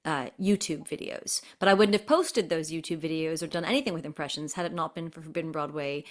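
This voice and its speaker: A woman performer being interviewed over a video call, chatty and animated as she tells stories and slips into voices. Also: deep voice, fast. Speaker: guest performer and impressionist. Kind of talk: casual interview storytelling.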